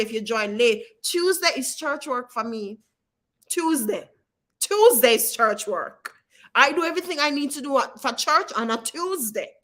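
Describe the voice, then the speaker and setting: Speaking straight to her audience during a live-stream advice session, this female host encourages viewers and singles them out by name. Her voice runs on the high side and has a sharp edge.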